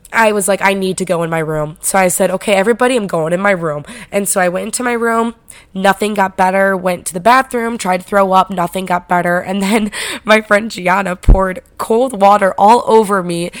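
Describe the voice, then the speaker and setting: A woman's voice: medium pitch, no room sound. A young woman casually telling college stories, chatty, full of "like" fillers and swearing. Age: young adult. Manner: chatty, heavy "like" fillers, frequent swearing and laughing. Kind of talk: casual storytelling monologue.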